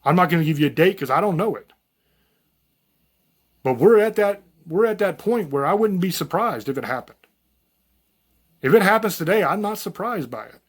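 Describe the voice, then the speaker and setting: Man, channel host, slightly high voice, blunt folksy rant with swearing, unscripted. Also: lively intonation, moderate pace, pauses often, slightly rough. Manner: blunt, profane, folksy, rambling. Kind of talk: unscripted monologue to camera.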